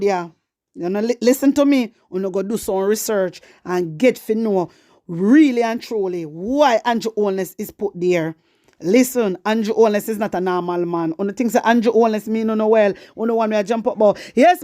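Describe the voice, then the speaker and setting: A woman's voice: a little high, dry recording, clean studio sound. A woman with a Jamaican accent hosting her own commentary channel, talking politics in a fiery, preachy way and often asking her viewers if they understand. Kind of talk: casual political rant.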